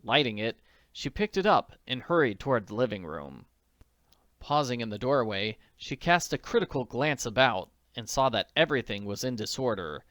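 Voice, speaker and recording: A man narrating an audiobook in a measured, steady reading voice. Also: medium pitch, no room sound, clean studio sound.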